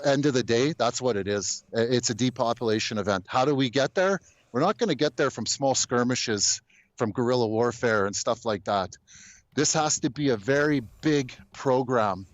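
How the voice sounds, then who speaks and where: A man calls in to a talk show and speaks bluntly, sounding exasperated and tripping over repeated words as he starts over. His mid-pitched voice is dry and a little dull, as if it comes over a slightly muffled line. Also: dry recording. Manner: blunt, exasperated, stammering restarts. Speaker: caller. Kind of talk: casual call-in chat.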